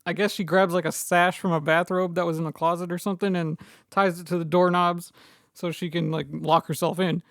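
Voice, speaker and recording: A man co-hosting a horror podcast, recapping the film in a wry, deadpan casual chat and correcting details. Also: high-pitched, normal speed, no echo, clean studio sound. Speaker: podcast co-host.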